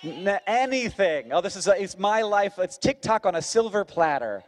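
An American man from Florida co-hosting a live podcast, animated and quick to laugh, with mock exasperation. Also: sits high. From Florida, United States. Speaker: podcast co-host. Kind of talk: live podcast chat before an audience.

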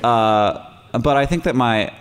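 A man's voice: mid-range voice, measured pace, clear, resonant tone, big-room sound. Wry man hosting a live podcast. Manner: wry, self-mocking, many restarts. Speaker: podcast host. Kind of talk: live podcast chat with a guest. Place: stage before a live audience.

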